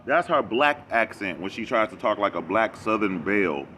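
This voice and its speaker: A man giving a rambling, animated reaction commentary, talking back at a video he is watching. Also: fairly low pitch, moderate pace, slight background noise. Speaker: reaction vlogger.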